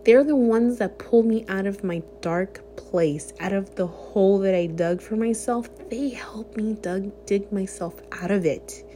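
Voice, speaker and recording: A woman's voice: mid-range voice, measured pace, hardly any pauses, mellow, slight background noise. A young woman talking candidly and earnestly to her viewers in a personal vlog. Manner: earnest, heartfelt, speaks directly to viewers. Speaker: vlogger.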